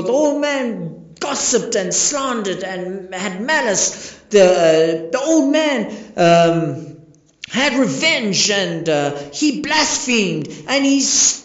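A pastor with a high, ringing voice preaches a sermon, firing rhetorical questions at his congregation. The lo-fi recording sounds echoey and a little dull, as if made in a reverberant room.

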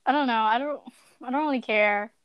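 A woman's voice: on the high side, brisk, smooth, no room sound, highs cut off. A teenage girl co-hosting a podcast, chatting casually and talking a lot with many fillers. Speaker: podcast co-host. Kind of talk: casual chat.

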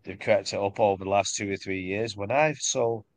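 A man's voice: fairly low pitch, steady tone, moderate pace. A man with a Northern English accent co-hosting a podcast, chatting casually with crude jokes and frequent laughter. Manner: crude, joking, laughs often. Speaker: podcast co-host. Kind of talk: casual chat.

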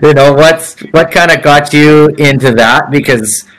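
A man's voice: fairly high pitch, unhurried, fairly bright tone, rough recording. A man hosting a casual chat, asking rambling, laid-back questions. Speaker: podcast host.

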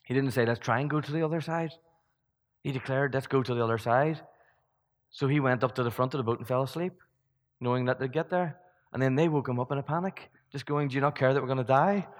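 A man delivers a sermon in a church, his voice at an everyday middle pitch. He preaches in a loose, conversational way, firing rhetorical questions at the congregation and often restarting mid-sentence. A long hall reverb trails behind each phrase. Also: a little fast.

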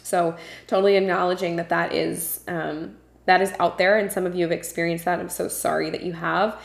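This solo podcast host speaks in a lowish, creaky voice with a level tone, fairly quickly. Recording at home with a puppy close by, she talks earnestly and passionately, often saying um and uh, and the room echoes noticeably.

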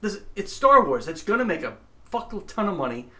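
A man's voice: high voice, sing-song, normal speed, sharp tone. A man co-hosting a casual podcast, ranting crudely about films and mocking fans. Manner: crude, ranting, mocks nerds in put-on voices. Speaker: podcast co-host. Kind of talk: casual profane chat.

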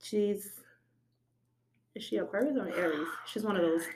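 A woman's voice: mid-range voice, normal speed, a little mellow, slight background noise. A young adult woman co-hosting a podcast, talking bluntly and emphatically with plenty of profanity in a heated casual chat. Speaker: podcast co-host.

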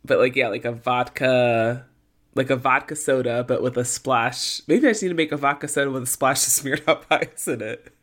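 Podcast co-host, mid pitch, casual, quick to laugh. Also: a bit bright. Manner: laughs easily, chimes in with short agreements. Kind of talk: casual chat.

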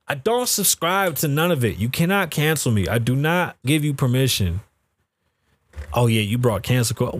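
A middle-aged man hosts a casual podcast, ranting bluntly and swearing constantly. His voice sits a little high for a man. The sound is close and dry, with no room echo. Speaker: podcast host. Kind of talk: casual profane commentary.

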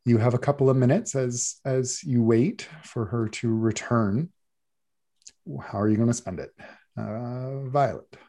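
Slow, mellow-voiced man game master. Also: medium pitch. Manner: easygoing, descriptive. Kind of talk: narrating a tabletop game.

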